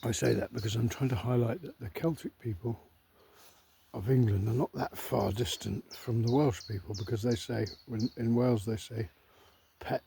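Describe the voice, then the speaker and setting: A man talks through a casual cookery vlog at home, drifting off on tangents and correcting himself with dry humour. His voice is warm and mellow, sitting at an ordinary pitch. Faint background noise with birdsong sits behind him. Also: moderate pace, gravelly. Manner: digressive, self-correcting, wry. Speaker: cookery vlogger. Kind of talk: rambling casual monologue.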